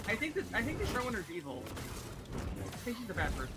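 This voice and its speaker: A man's voice: high-pitched, huge pitch swings, fast, long pauses, music in the background, poor audio. A man streaming a game, ranting in casual chat with heavy swearing and many restarts. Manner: ranting, profane, lots of fillers and restarts. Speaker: gaming streamer.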